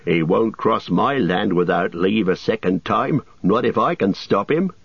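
A man reading aloud voices a gruff but hearty hobbit farmer with a loud, rustic, exclamatory manner. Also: lowish voice, a little slow, no echo, highs cut off, full character voice.

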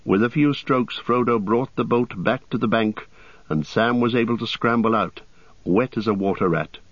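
A man narrating an audiobook with a measured storytelling delivery. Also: medium pitch, no echo. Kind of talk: scripted narration. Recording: dull audiobook studio sound.

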